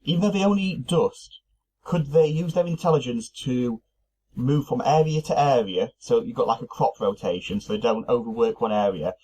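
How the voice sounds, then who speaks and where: A man's voice: mid-range voice, expressive, moderate pace, warm tone, poor audio. A man co-hosting a podcast, thinking aloud casually with fillers and restarts. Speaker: podcast co-host. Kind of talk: casual chat.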